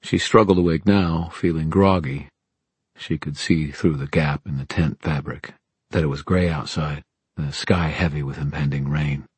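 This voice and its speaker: A man reading an audiobook in calm, measured narration. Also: rumbling low, slightly rough, no echo. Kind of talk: scripted narration.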